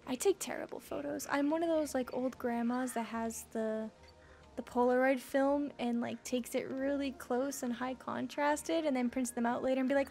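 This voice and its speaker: A woman's voice: high-pitched, a little slow, faint music behind. A young woman giving playful let's-play commentary, bubbly and jokey, squealing and gasping at cute moments. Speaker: gaming video creator.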